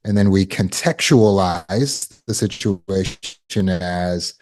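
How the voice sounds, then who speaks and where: Low-voiced, encouraging male coach. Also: slow, darkish tone. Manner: encouraging, affirms with "good" and "right?". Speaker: healing coach. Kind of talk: live online teaching session. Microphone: video call.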